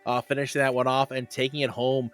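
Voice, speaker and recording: A man casting a live esports match as host, calling each play quickly. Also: mid-range voice, little pitch movement, a bit bright, faint music behind. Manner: fast play-by-play calls, then groaning through eating spicy jelly beans. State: mouth burning from spicy jelly beans.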